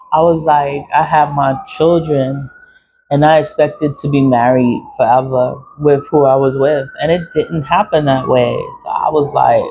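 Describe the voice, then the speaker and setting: A woman of about forty vlogs from her city home early in the morning, telling her story in a blunt, profane, laughing monologue. Her voice sits low, and the dull lo-fi recording carries a slight hiss or hum.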